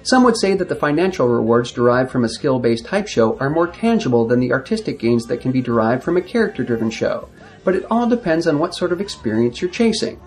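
A male podcast host reads his scripted opening in a measured, reflective way. His pitch rises and falls with lively movement. A faint bed of music plays underneath.

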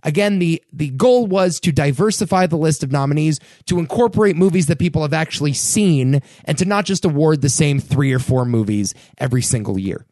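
Young guy podcasting solo, bouncy up and down voice, kinda high, dead dry close mic, gets ranty. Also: brisk, hardly any pauses, dry recording. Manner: animated, ranting, rising pitch when worked up. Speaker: podcast host. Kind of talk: casual solo podcast commentary.

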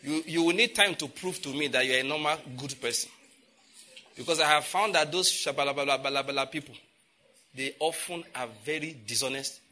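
Forceful Nigerian preacher, emphatic. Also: male voice, fairly high pitch, moderate pace, slight background noise. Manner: emphatic, repeating phrases, with sudden loud outbursts; slips into pidgin asides. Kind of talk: sermon.

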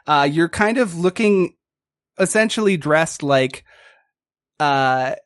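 A man's voice: a little high, animated, slow, no room sound, clean studio sound. A young man narrating as a game master in a casual, giggly way with lots of fillers.

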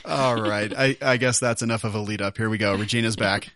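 A man's voice: lowish voice, steady tone, a little fast, fairly bright tone, a little hiss or hum. A man hosting a podcast, joking around and laughing often in casual chat. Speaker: podcast host.

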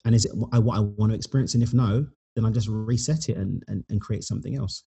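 A man, a guest author, talking in a thoughtful, unhurried way about spiritual ideas, sometimes searching for his words. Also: on the low side, gravelly, dark tone, breathy edge. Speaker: podcast guest, author and speaker. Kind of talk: reflective spiritual conversation.

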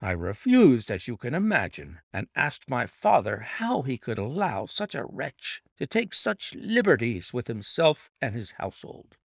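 A man's voice: medium pitch, huge pitch swings, measured pace, vocal fry, few pauses, no room sound, studio quality, exaggerated voice. A man as an earnest, agitated young man. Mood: indignant. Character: distressed young man telling his tale.

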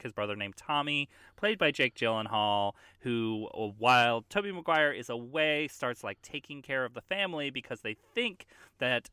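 A male co-host with a bright, crisp voice, bantering sardonically in a casual podcast chat. His pitch moves a lot, and the sound is dry and close. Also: no room sound. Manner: sardonic, quick-witted banter.

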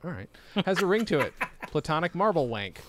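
Rambling man with lively pitch. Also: a little fast, noisy background. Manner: absurd rambling, silly put-on voices. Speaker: podcast co-host. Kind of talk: casual chat, reading old writing aloud.

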